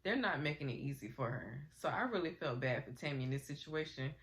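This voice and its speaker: Her voice rumbles low and moves briskly as this woman, a vlogger shaking off a cold, recaps a TV episode. The commentary is casual and gossipy, an animated retelling full of slang and acted-out lines.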